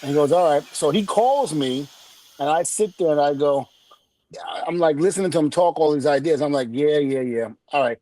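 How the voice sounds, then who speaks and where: A man's voice: a little high, moderate pace, slight background noise. A middle-aged man, a podcast guest, telling a story in casual chat and acting out each quoted line with laughter. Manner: animated, acts out quoted dialogue with laughs.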